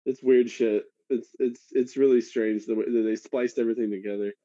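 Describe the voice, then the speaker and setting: A man's voice: mid-range voice, brisk, no echo. Guy cohosting a podcast, swears a lot, laughs mid-story, dry dull sound. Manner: swears freely, laughs mid-sentence, animated retelling. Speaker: podcast co-host. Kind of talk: casual chat. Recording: muffled, dry.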